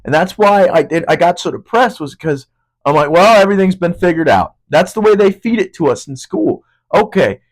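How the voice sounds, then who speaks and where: A man's voice: a little high, animated, moderate pace, rough recording. A young man hosting a podcast, talking in a casual, rambling monologue that is heavy with swearing. He often hunts for words, and his voice keeps cracking. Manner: profane, rambling, searching for words. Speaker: podcast host.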